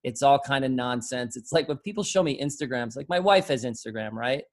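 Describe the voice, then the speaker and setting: A middle-aged man chatting casually as a host, rambling and animated, swearing freely and mimicking other people's voices. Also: mid-range voice, fairly quick. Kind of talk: casual chat.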